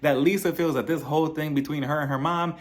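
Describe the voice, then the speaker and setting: A man's voice: on the high side, steady tone, fast. A man recapping a reality TV episode in a sassy, gossipy chat, laughing often between remarks. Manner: sassy and gossipy, mimics the cast in quoted lines. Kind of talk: casual recap commentary.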